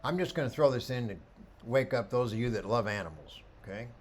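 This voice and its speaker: A middle-aged man teaching a photography workshop, telling lively anecdotes and acting out the people in them. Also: mid-range voice, a little fast. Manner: animated storyteller, acts out quoted voices.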